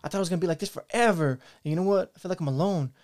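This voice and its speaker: A man's voice: high-pitched, very fast, darkish tone, voice pushed up, close to an everyday voice. A man voicing a lonely, chatty male puppy in a comic podcast story, talking in an earnest, rambling way.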